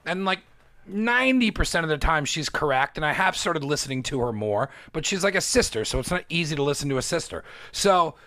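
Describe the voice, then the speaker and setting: A man chatting casually on a podcast, telling an excited story, swearing often and acting out what people said. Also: on the high side, a little fast, no echo. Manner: excited storytelling, heavy swearing, acts out quotes. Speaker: podcast guest, bagel baker. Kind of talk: casual chat.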